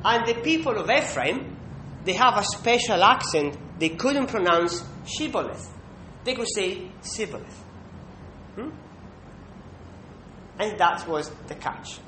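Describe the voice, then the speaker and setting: A man preaching a sermon, emphatic, pausing to check in with listeners with a questioning "hmm". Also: animated, pushed and bright. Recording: echoey room with faint rumble.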